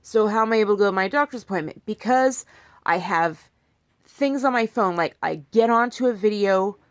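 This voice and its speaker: A woman's voice: mid-range voice, moderate pace, no echo, studio quality. A young woman vlogging casually to her phone while in pain, talking in a rambling way with many restarts and asides. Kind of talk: casual talk to camera.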